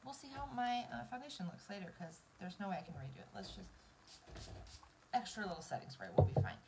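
A Southern American woman in her thirties does her makeup on a live stream, talking casually and directly to viewers while emotional and close to tears. Her mid-range voice swings wildly in pitch and moves fast, with background noise behind it.

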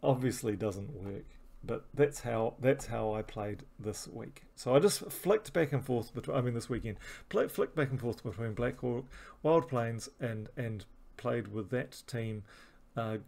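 A man's voice: medium pitch, lively intonation, a little slow, creaky, darkish tone. A man giving rambling, self-mocking commentary over his gameplay, with many restarts and fillers. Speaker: game channel host.

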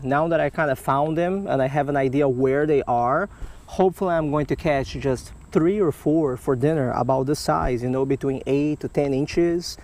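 A man's voice: medium pitch, darkish tone. A man vlogging a fishing trip outdoors by a canal, explaining as he goes in a chatty way and checking in with "right?". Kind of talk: outdoor fishing vlog narration. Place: outdoors by a canal and creek on a hot day.

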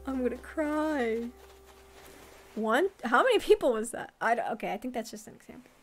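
A woman streaming a live reaction to a game showcase, gushing and squealing, swinging from shouts to hushed whispers. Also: on the high side, animated, moderate pace, faint music behind. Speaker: gaming content creator. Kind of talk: excited live reaction commentary.

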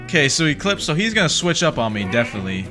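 A man giving excitable let's play commentary on a horror game, swinging between mutters and yelps. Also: fairly high pitch, fast, music in the background. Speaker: gaming YouTuber.

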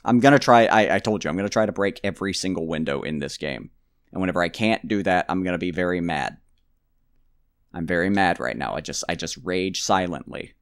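A man's voice: sits low, fairly quick, dry recording, clean studio sound. A man casually commenting on his own gameplay, rambling and joking to himself with mock outbursts. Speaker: let's play gamer.

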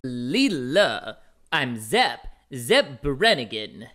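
A boastful cartoon starship captain , as a man puts him on, booming and smug. The voice swoops widely and drags out the lines. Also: sing-song, extremely slow, sharp tone, exaggerated voice.

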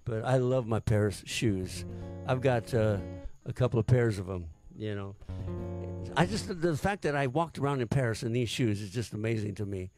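A man's voice: medium pitch, moderate pace, music in the background. A man, a singer-songwriter, telling a story between songs in a rambling, hesitant way with many fillers.

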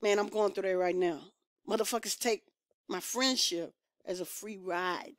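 A woman's voice: mid-range voice, moderate pace, dry recording, studio quality. A woman hosting a music reaction channel, chatting casually with viewers and reacting with emphatic exclamations and frequent laughter. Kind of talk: casual reaction vlog chat.

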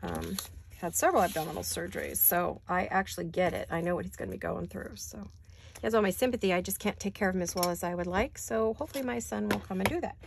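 An older woman with a gravelly, creaky voice chats casually at her craft desk, rambling from one thought to the next and apologizing for small interruptions. Faint background noise sits under her voice. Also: on the low side, quick pace. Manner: rambling, chatty, apologetic asides. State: hiccups. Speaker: paper craft vlogger. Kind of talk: casual chat while crafting.

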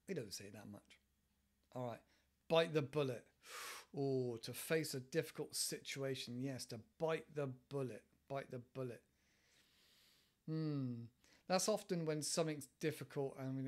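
A man's voice: fairly high pitch, unhurried. A man hosting a casual learning podcast, chatting and wandering off topic as he explains idioms. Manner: chatty, wandering, self-interrupting. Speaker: English teacher podcast host.

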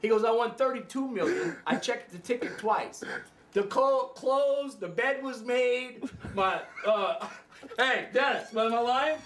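A man, a musician, telling a story in an interview, acting out the dialogue and jumping up loudly at times. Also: very high voice, a little slow, echoey room, a little hiss or hum. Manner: lively, acts out dialogue, voice jumps up loudly.

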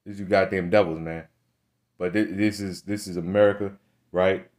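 A man's voice: sits low, level tone, normal speed, a little mellow. A young man preaching a blunt, fiery monologue, cursing often and tagging his lines with "man" and "right?". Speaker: religious speaker.

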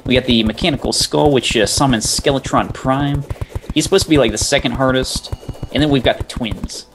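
A man's voice: mid-range voice, fairly quick, a little hiss or hum. A young man playing a co-op game with friends, laying out the plan and exclaiming when things go wrong. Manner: lays out plans, excited exclamations. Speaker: game player. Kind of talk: casual gaming chat.

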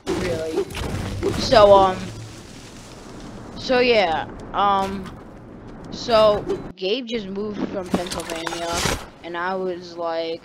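Teen boy, unhurried rambling story time, lots of "um" and restarts, noisy recording. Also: sits high, fairly even intonation, fairly bright tone. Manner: rambling, full of fillers and self-corrections.

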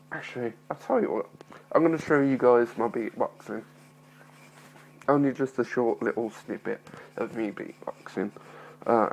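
Young male vlogger, gravelly, mild speech impediment, shy and apologetic, recorded on a phone. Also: mid-range voice, rough recording. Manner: nervous, apologetic, rambling with many fillers. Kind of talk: casual talking-to-camera vlog.

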